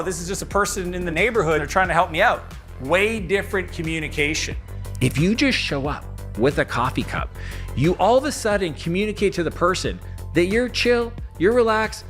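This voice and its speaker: A man's voice: high-pitched, sharp tone. A man giving a motivational business talk on selling, acting out little scenes with quoted voices. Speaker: sales and business speaker.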